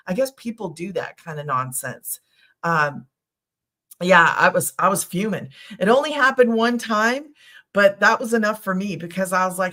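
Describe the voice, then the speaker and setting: Speaking at normal speed in a lowish yet fairly bright voice, a middle-aged online business host meanders through a story on her casual live stream, chatting and adding plenty of asides.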